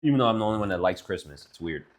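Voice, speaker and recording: A man's voice: deep voice, rapid-fire. A young man co-hosting a casual podcast with his sister, telling stories animatedly and swearing freely. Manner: animated storytelling, acts out quotes, swears a lot. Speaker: podcast co-host. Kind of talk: casual chat.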